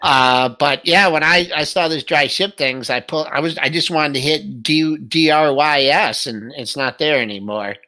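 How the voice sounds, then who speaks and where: Guy cohosting a stock show, bright kinda high voice, jokey and laughing. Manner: joking, quick to laugh, trails off and restarts. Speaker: co-host of a stock trading show. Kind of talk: casual market chat.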